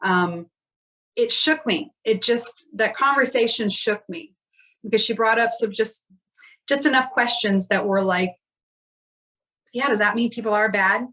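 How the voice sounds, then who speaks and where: A woman's voice: fairly high pitch, measured pace, pauses often, bright, forceful tone, poor audio. A woman, a podcast guest, telling a personal story in a candid, reflective way and often acting out quoted dialogue.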